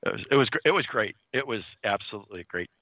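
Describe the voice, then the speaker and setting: A man's voice: fairly low pitch, lively intonation, racing, bright, forceful tone, no echo, muffled recording. A man retelling a comic's plot in a casual chat, rambling with many fillers and restarts. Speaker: comics podcast co-host.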